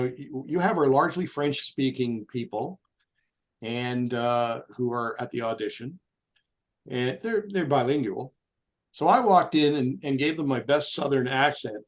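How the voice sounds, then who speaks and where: A man, a guest actor who tells animated anecdotes in an interview. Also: medium pitch, highs cut off. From Canada. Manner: animated raconteur, slips into voices when he quotes people.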